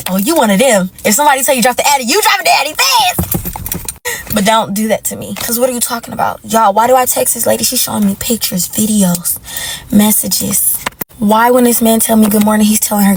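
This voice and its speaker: A woman telling a dating story to her viewers, animated and exclaiming, calling them y'all. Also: high voice, moderate pace, slight background noise, poor audio. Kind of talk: casual story time.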